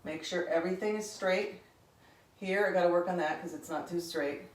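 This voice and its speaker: A woman's voice: on the low side, fairly even intonation, normal speed, echoey room, far from the mic, slight background noise. A woman in her forties from Connecticut, teaching a painting lesson in a chatty, rambling way, often checking in with "okay?". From Connecticut, USA. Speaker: art instructor. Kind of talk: painting tutorial with chatty asides.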